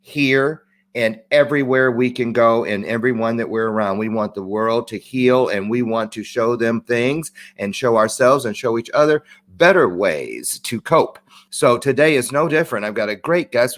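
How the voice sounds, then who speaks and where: Chatty upbeat man hosting a live show. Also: medium pitch. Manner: chatty, upbeat, rambling with asides. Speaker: host. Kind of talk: lively live-stream show talk.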